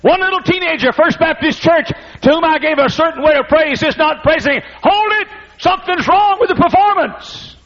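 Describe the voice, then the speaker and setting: A man's voice: very high-pitched, moderate pace, hardly any pauses, a bit bright, highs cut off, pitched above the performer's own voice. An older man voicing God as a commanding conductor who halts an orchestra with urgent commands.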